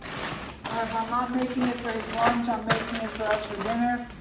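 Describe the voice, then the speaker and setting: A woman's voice: on the high side, little pitch movement, moderate pace. A middle-aged woman chatting casually through a grocery haul at home, sometimes talking with her mouth full. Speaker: vlogger showing a grocery haul. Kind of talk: casual haul vlog chat. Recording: echoey room, mic far off, clear background noise.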